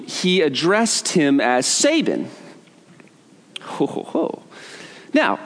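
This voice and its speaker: Chatty man with a high voice, echoing hall. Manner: conversational, self-mocking, quick asides and restarts. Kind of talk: humorous storytelling talk to an audience. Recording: long reverb of a large hall.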